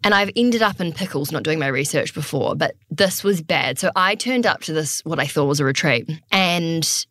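A woman's voice: sits low, lively intonation, moderate pace, few pauses, fairly bright tone. A young adult woman co-hosting a podcast in casual chat, telling rambling stories and laughing easily. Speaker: podcast co-host.

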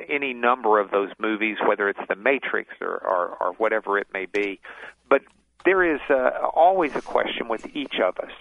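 A man's voice: lowish voice, no echo. Man explaining over a tinny phone line. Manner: explanatory, many restarts. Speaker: author and lawyer, guest. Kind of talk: radio interview.

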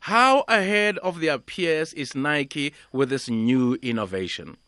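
Radio host guy, chatty and upbeat, bright high voice, dry studio sound. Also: lively intonation, takes it slowly, no room sound. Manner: chatty, upbeat, laughs easily. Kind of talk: radio show interview.

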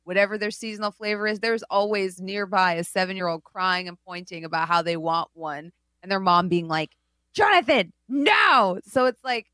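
A woman's voice: fairly low pitch, fairly even intonation, a little fast, hardly any pauses, fairly bright tone, clean tone, dry recording. Chatty woman full of filler words. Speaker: podcast co-host. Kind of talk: casual chat.

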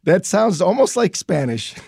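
Gravelly-voiced man hosting radio. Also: sits high, sing-song, unhurried, a little mellow, no echo, clean studio sound. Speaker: radio host. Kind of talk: casual chat on radio.

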